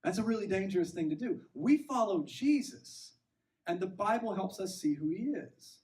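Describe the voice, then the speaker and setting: A man's voice: high voice, animated, normal speed, a little mellow, recorded from a distance, poor audio. A man preaching a sermon as pastor, conversational and self-deprecating, often checking in with "right?".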